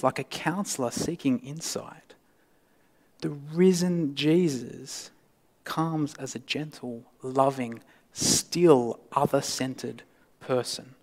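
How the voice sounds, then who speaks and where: Man preaching in an echoing church. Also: on the high side. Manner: swings from loud emphasis to hushed, near-whispered lines. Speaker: pastor. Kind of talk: sermon. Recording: long reverb of a church hall.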